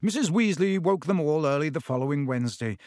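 A man narrating a fantasy audiobook in a measured, steady storytelling manner. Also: a little high, no room sound, studio quality.

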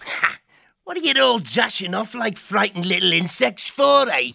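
A man voicing a swaggering, cruel male fox pirate captain in an audiobook, with rough pirate speech and a bullying, boastful manner. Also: on the low side, sing-song, slow pace, pushed and bright, dry recording, clean studio sound, full character voice. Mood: sneering. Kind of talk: audiobook character voice.

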